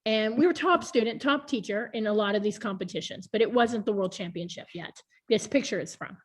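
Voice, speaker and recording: On a casual video call, a woman in her thirties speaks openly about her past, laughing a lot. She's a board member being interviewed, and her voice is medium-pitched and fairly quick.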